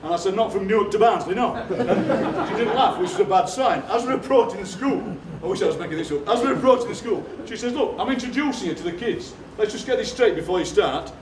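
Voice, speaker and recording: A man, telling comic stories to a live theatre audience in a deadpan way. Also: high-pitched, fast talker, hardly any pauses, background noise. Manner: deadpan anecdotes, acting out other people's lines. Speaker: poet performing on stage. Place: theatre stage. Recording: roomy hall from a distance. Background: audience laughter.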